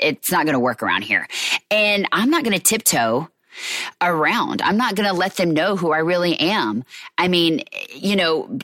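Woman, thirties, low voice, candid casual monologue. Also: sharp tone, dry recording, clean studio sound. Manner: chatty and candid, addresses listeners as y'all. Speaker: mother sharing parenting reflections.

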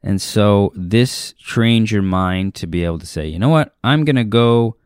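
A man's voice: on the low side, measured pace, a little mellow, clear, resonant tone, no room sound, clean studio sound. A young adult man hosting his own show as a stand-up comedian, rambling loosely through a self-deprecating comic monologue. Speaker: podcast host and stand-up comedian.

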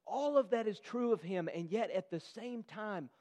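A man delivers an earnest sermon, often turning to his listeners with questions. His voice sits a little high. The sound rings with a long reverb from a big hall. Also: animated, moderate pace, a little mellow. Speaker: pastor.

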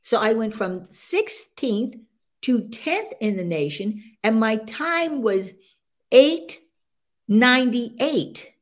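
Animated older woman sprinter, high voice. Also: slow pace. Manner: animated, laughs often, proud. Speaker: interview guest, senior sprinter. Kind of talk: casual interview storytelling.

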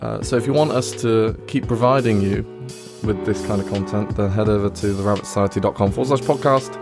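A man's voice: fairly low pitch, fairly quick, music in the background. A man with an English accent hosting a podcast, chatting casually with laid-back enthusiasm and slang. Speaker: podcast host. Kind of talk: casual chat.

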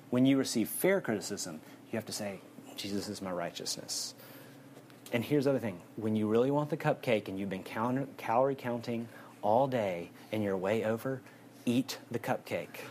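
A man's voice: medium pitch, a little mellow, a little hiss or hum. A man giving a casual, humorous sermon that keeps coming back to one refrain. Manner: conversational and humorous, repeating a refrain. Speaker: preacher.

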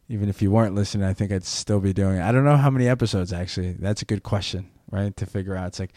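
A man's voice: on the low side, steady tone, fast, hardly any pauses, darkish tone, no room sound, clean studio sound. A man hosting a podcast alone, telling a story casually, rambling with frequent restarts and little laughs. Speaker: podcast host. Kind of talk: casual solo podcast monologue.

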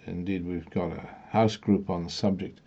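A man delivering an opinionated monologue, musing aloud with pauses and growing indignant. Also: sits low, fairly even intonation, husky, lo-fi sound.

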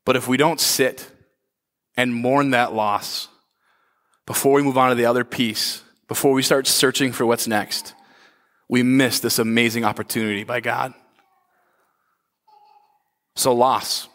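A man in his thirties preaching a sermon, telling stories with lively, acted-out shouts. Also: medium pitch, a little slow, pauses often. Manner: animated storytelling, acts out his own shouts. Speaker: pastor. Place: church hall. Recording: long hall reverb.

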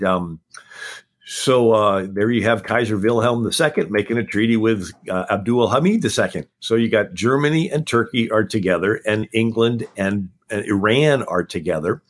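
On a talk show, a historian guest speaks in a fairly low pitch, racing through a lecture on history. He crams one fact right after another.

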